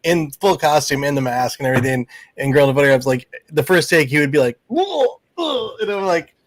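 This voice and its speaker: A man's voice: medium pitch, fairly even intonation, quick pace, no echo. Man telling stories, dry close sound. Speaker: film director guest. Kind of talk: casual chat on a video call.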